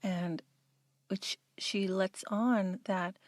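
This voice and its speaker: A woman's voice: medium pitch, steady tone, measured pace, a little mellow, no room sound, clean studio sound. A woman giving earnest, emphatic true-crime commentary, analyzing a mother's behavior.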